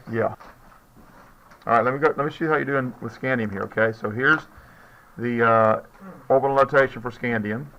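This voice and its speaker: A man's voice: medium pitch, moderate pace, long pauses, sharp tone, muffled recording, a little hiss or hum. A man teaching a chemistry class, talking casually, joking and often checking in with his students. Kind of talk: classroom lecture.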